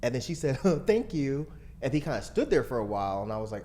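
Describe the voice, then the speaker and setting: A man's voice: medium pitch, a little fast, slight background noise. A man casually telling a story on a podcast, acting out the lines people said and swearing freely. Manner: animated, acts out quoted lines, swears freely. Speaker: podcast co-host.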